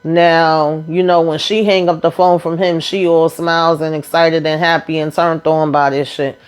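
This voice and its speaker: A woman's voice: deep voice, level tone, moderate pace, clean tone. A woman casually recapping a TV episode, chatty and blunt with laughing asides. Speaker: TV recap vlogger.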